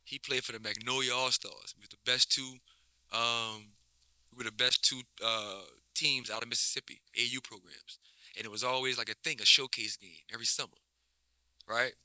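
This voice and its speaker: New coach guy just chatting, bright edgy tone, keeps restarting, dry mic. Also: mid-range voice, normal speed, no room sound. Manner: relaxed, rambling, many restarts and slang. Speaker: basketball coach, guest. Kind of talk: casual interview chat.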